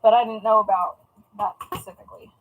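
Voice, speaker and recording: A woman's voice: mid-range voice, fairly even intonation, fast talker, low-quality recording. A young woman from the US West Coast chatting casually on a live stream while she packs orders at home, playful and talkative. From US Pacific time zone. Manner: chatty and playful, tries out joking Spanish phrases. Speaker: live-stream host and online shop seller.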